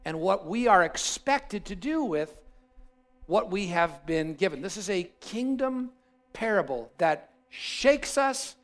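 Male pastor, high pitch, emphatic sermon storytelling. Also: slow pace. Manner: animated storytelling, repeats himself for emphasis.

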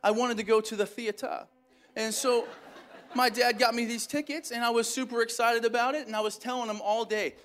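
A man's voice: very high voice, little pitch movement, brisk, fairly bright tone. A young man preaching a sermon as pastor, conversational and storytelling, with self-deprecating humor. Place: church sanctuary.

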